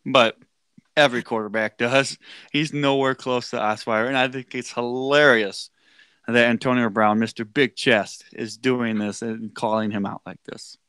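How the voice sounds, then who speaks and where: A man co-hosting a casual sports podcast, who laughs often and stumbles over his words when excited. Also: medium pitch, normal speed, clean tone, no room sound, clean studio sound. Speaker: podcast co-host.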